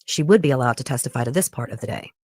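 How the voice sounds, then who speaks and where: A podcast host reading a scripted true crime case in a measured storytelling way, with pointed personal asides. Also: medium pitch, lively intonation, darkish tone, husky, no echo, clean studio sound.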